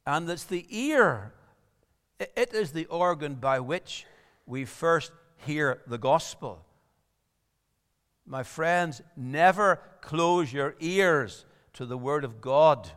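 A man's voice: a little high, expressive, takes it slowly, a bit bright, clean tone, long reverb tail. A man preaching a sermon, earnest and rising to emphatic appeals.

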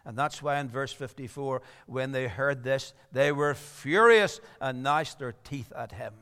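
A man's voice: mid-range voice, measured pace, fairly bright tone, long reverb tail. A man preaching a sermon, earnest and rising to emphatic appeals.

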